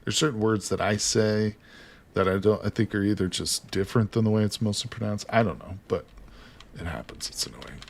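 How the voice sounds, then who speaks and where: A man with an American accent and a slightly low voice chats on a game live stream. He teases his viewers and his co-player, swearing casually as he jokes. His talk is loose and conversational. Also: brisk, vocal fry. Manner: joking, teasing, swears casually.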